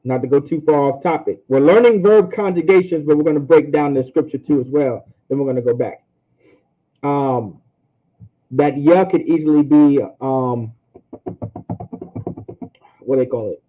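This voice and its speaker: A man teaching a language class in a casual way, often repeating himself and sounding out words slowly. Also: a little high. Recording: tinny phone-like line.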